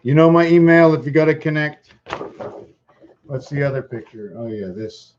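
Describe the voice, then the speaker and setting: A man's voice: on the high side, moderate pace, a little mellow, slight background noise. A man hosting his own casual video, distracted and thinking aloud, repeating himself as he clicks around. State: losing his voice. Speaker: channel host. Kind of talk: rambling casual livestream talk. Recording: dull lo-fi recording.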